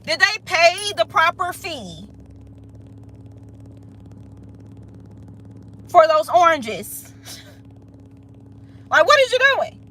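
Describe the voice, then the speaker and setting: An indignant woman whose garden has been raided barks out exasperated, profane questions in a high, piercing voice, as a woman puts her on. She is loud and sharp-edged, and her voice leaps up well above normal talk. She is yelling throughout. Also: very animated, a little slow, recorded from a distance, a little hiss or hum, heavily acted, poor audio. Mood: outraged.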